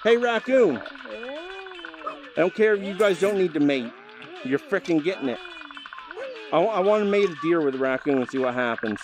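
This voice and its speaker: A man's voice: high voice, very animated, normal speed, pauses often, poor audio. A man commentating his VR gameplay, exasperated and ranting at the game with mild swearing. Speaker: gameplay host. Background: game music.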